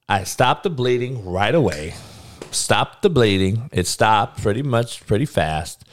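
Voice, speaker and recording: Man ranting loud and profane. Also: medium pitch. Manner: blunt, profane, heated ranting with laughs. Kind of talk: casual profane rant.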